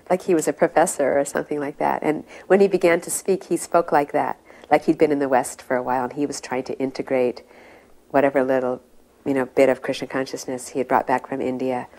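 A woman's voice: low voice, darkish tone. A middle-aged woman telling a personal memory of her spiritual teacher. She speaks with reverence and builds the story with rising intensity. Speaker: devotee recalling a spiritual teacher. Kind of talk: personal reminiscence.

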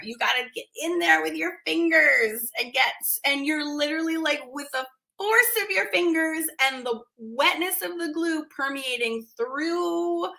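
A woman's voice: high voice, sharp tone. A woman art teacher on a live stream, chatty and emphatic, laughing often and reacting to viewer comments.

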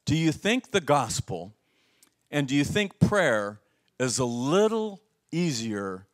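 Animated, high-voiced pastor. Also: male voice, takes it slowly. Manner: animated storytelling, asks the audience questions. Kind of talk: sermon.

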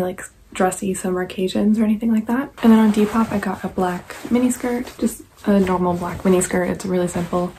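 A woman's voice: mid-range voice, dark tone, a little hiss or hum, poor audio. A young woman vlogging at home, chatting casually to camera about clothes she bought, rambling with many "like"s and sometimes half whispering. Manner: chatty, rambling, lots of "like" and "I don't know"; partly whispering. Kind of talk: casual haul chat to camera. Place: at home, indoors.

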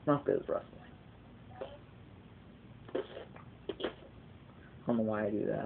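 A teenage boy with a gravelly, creaky voice rambles through a casual video blog, wandering off on tangents and swearing offhand. He is heard through a tinny, lo-fi webcam mic. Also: mid-range voice, steady tone, measured pace, long pauses. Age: teens. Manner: rambling, digressive, casually profane. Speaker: vlogger.

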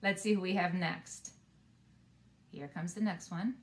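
A woman preschool teacher leading a video lesson, speaking slowly and clearly to small children. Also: on the low side, steady tone, noisy background.

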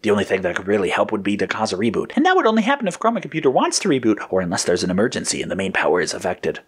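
A man voicing a nervous, brainy young male hero who cries out anxiously in a high voice. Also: wildly swooping pitch, racing, husky, exaggerated voice.

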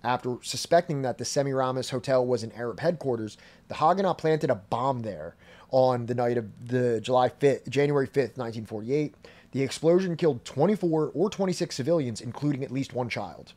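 A man's voice: medium pitch, a little fast, darkish tone. Casual man reading history aloud. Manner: reads passages aloud then explains them loosely with fillers. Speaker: podcast host. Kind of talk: casual history podcast commentary.

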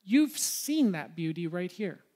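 A man's voice: high voice, sing-song, measured pace, warm tone. A man, a pastor preaching a sermon to his congregation in a church, talking in a conversational way and putting questions to the listeners. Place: church sanctuary.

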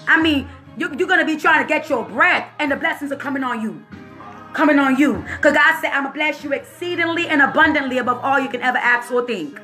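A woman minister delivers an informal prophetic word in a high, bright voice. She preaches with lively energy, drops into casual slang and laughs often. Faint music plays behind her. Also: quick pace.

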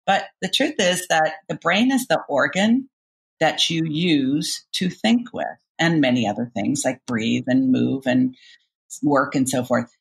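A middle-aged woman coach explaining ideas in a podcast interview, animated and acting out inner voices as she goes. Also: deep voice, measured pace, vocal fry. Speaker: cognitive behavioral coach, guest.

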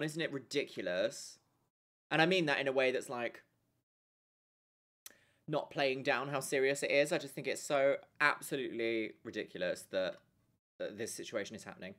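Giggly woman streamer with a lively voice. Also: sits low. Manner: giggly, chatty, reads out and thanks chat. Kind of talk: casual live-stream chat.

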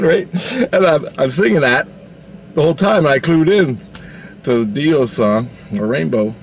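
A man's voice: on the high side, lively intonation, normal speed, creaky, a little hiss or hum. A man rambling through a spiritual vision story, laughing often and acting out the dialogue.

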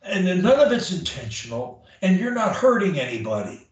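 A man's voice: sits high, very animated, moderate pace. A man coaching a client one-on-one through speech drills, emphatic and demonstrating each drill aloud. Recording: very echoey room, mic at a distance.

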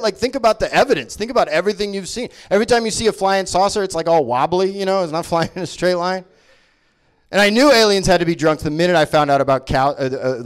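A man doing a stand-up comedy set, profane and mocking, with quick voices for the people he makes fun of. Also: sits high. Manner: profane, animated, mocking impressions.

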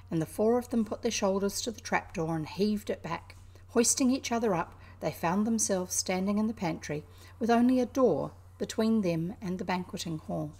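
A woman from New Zealand with a New Zealand accent, reading a classic children's novel aloud in an unhurried, expressive way. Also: mid-range voice. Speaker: reader.

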